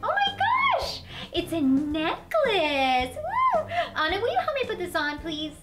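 A woman playing a young queen who has been turned into a horned villain, excitable and shrill. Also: quick pace, very noisy. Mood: delighted. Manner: excitable, shrill when panicking. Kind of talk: comedy sketch acting.

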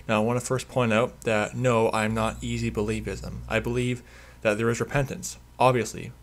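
A man's voice: mid-range voice, level tone, normal speed. A man delivering a preachy religious commentary monologue, emphatic and repetitive as he hammers home his points.

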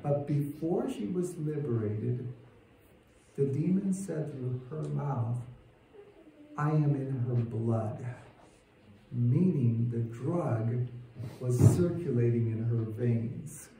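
A man's voice: medium pitch, takes it slowly, creaky, pauses often, mellow, a little hiss or hum. Male lay preacher, emphatic, rising fervor; mic far off in a reverberant sanctuary. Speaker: church speaker. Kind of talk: sermon. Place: church sanctuary. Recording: echoey church room heard from a distance.

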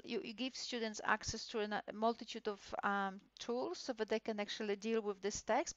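Female lecturer, higher gravelly voice, chatty podcast lecture, dry and muffled sound. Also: no room sound. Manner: chatty, acts out classroom exchanges with children. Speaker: university lecturer. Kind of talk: recorded course podcast lecture.

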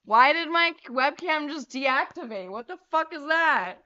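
A woman's voice: sits high, lively intonation, unhurried, hardly any pauses, pushed and bright. A young woman hosting a casual livestream, flustered and laughing as she swears through tech trouble. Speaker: livestream host. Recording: lo-fi stream audio.

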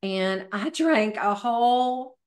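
A woman's voice: on the high side, lively intonation, slow pace. A middle-aged woman, a fitness professional and podcast guest, telling her story in a chatty way with many fillers. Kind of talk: casual interview storytelling.

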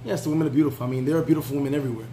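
A man's voice: mid-range voice, rapid-fire, mellow, a little hiss or hum, low-quality recording. A man telling a travel story in a casual, laid-back way, full of fillers and restarts. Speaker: travel vlogger.

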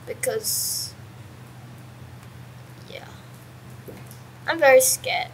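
A young woman casually commentating her own game at home, chatty and excitable, with sudden yelps and mild swearing. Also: high voice, poor audio. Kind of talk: casual let's-play commentary. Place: at home with a pet dog nearby.

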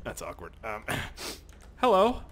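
A young man giving casual, excitable gameplay commentary, swearing and laughing as he plays. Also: medium pitch, brisk. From Canada. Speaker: gaming YouTuber.

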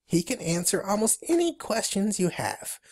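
A tiny, eager cartoonish beaver, squeaky and pitched far above a normal speaking voice. He chirps along brightly and is keen to help, with a bouncy, lively lilt. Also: moderate pace, breathy edge. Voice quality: high squeaky voice. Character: eager little male beaver, friendly helper.

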